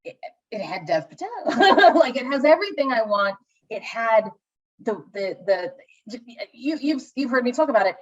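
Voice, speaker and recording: A fairly high-voiced woman chatting casually about movies, gushing and rambling as she keeps restarting her sentences. The audio is a bit dull and lo-fi. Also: animated, normal speed. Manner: gushing, rambling with many restarts and acted-out asides. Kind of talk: casual movie review chat.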